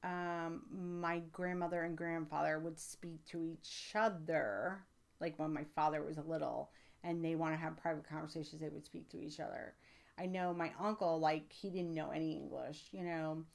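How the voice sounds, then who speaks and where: Chatty American woman with a lowish voice. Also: moderate pace, gravelly. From United States. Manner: chatty and rambling, with many fillers; grows animated and emphatic when excited. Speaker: livestream host and psychic reader. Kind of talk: casual livestream chat, answering viewer comments.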